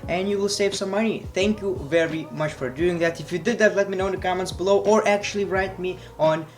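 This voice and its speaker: A man's voice: high-pitched, fairly even intonation, fairly quick, faint music behind. A man reviewing wrestling in a blunt, sarcastic, profane way, casual vlog style.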